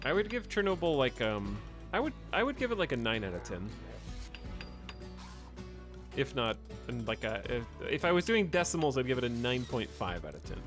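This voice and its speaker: A man chats casually on a stream, rambling and opinionated, stopping and restarting his thoughts. His pitch moves about in a lively way. Faint guitar music plays behind him. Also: normal speed.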